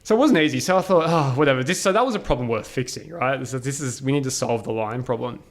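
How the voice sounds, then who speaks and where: Man, podcast guest, casual storytelling, mid pitch, laughs a lot. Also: fast talker. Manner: animated, laughing, many fillers.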